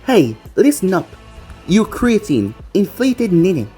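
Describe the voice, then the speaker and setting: A reader voicing a brash, cocky young male ninja leader who talks loud and irreverent. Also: medium pitch, very animated, a little slow, breathy edge, faint music behind.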